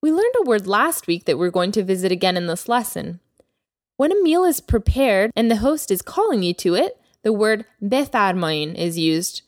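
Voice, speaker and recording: A woman hosting a language lesson podcast as the teacher, speaking clearly and slowing down to model new words. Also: mid-range voice, big pitch swings, no echo, clean studio sound. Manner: clear teacherly delivery, slows down for vocabulary. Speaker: Persian teacher, podcast host.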